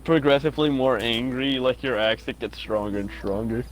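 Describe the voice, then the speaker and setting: A man's voice: mid-range voice, moderate pace, a little hiss or hum. A young man with a Southern US accent, co-hosting a podcast in a laid-back casual chat and laughing often. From Southern United States. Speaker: podcast co-host.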